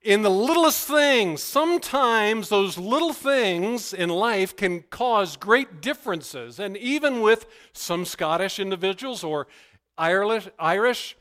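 A man preaching as pastor, who prays softly and then tells stories with animated, emphatic bursts. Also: takes it slowly. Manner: animated storytelling, rising to loud emphatic bursts; hushed, low prayerful delivery. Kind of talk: sermon with opening prayer.

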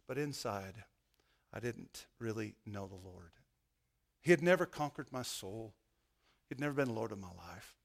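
A male pastor delivers an impassioned, folksy sermon full of joking asides, swinging from hushed lines to loud ones. His mid-range voice is creaky with lively intonation, and he speaks at a measured pace with long pauses.

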